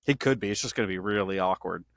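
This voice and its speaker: Low-voiced man, rambling podcast co-host. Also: quick pace, no echo, studio quality. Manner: rambling, self-interrupting, joking. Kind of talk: casual sports chat.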